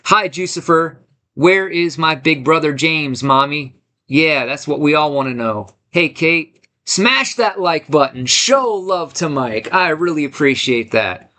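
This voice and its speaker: A man's voice: on the high side, animated, measured pace, bright, forceful tone. A man hosting a live stream from his home studio, hyped and greeting chat viewers one by one. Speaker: livestream host.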